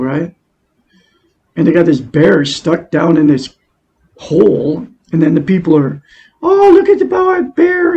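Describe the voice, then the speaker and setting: A man talks on in a rambling self-help vlog, addressing viewers directly and circling back over his points. His voice is gravelly and husky. It sits a touch high for a man. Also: dark tone. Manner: rambling, repeats himself, talks straight to viewers. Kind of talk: rambling monologue to camera.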